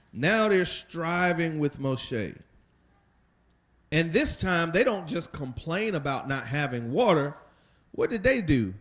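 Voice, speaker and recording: A man's voice: medium pitch, a bit bright. A man leading a Bible study lesson, talking conversationally and putting rhetorical questions to his listeners. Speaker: Bible teacher.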